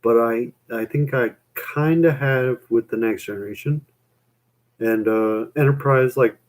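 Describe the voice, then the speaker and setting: A man's voice: mid-range voice, a little slow. A young man chatting on a live stream, rambling with lots of fillers and casual swearing.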